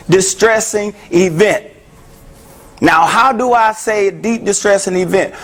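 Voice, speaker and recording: A man giving an interactive health talk to a live audience, joking and asking the room questions. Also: high-pitched. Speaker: mental health speaker.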